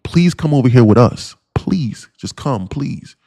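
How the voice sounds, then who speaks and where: A man voicing the market as a character that softly and repeatedly begs people to come over. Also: medium pitch, lively intonation, a little slow. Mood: pleading. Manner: begging, soft and repetitive. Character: the personified market, pleading and desperate.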